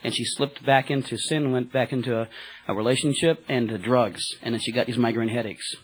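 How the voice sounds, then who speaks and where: A man, a cab driver, telling a rambling, excited testimony to a church group, full of fillers and restarts. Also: mid-range voice, fairly quick, breathy edge, rough recording.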